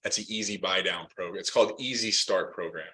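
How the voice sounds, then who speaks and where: A man hosting a casual interview about loan work, upbeat and quick to agree, sometimes tripping over his words. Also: sits low, bright, forceful tone. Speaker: loan officer training host.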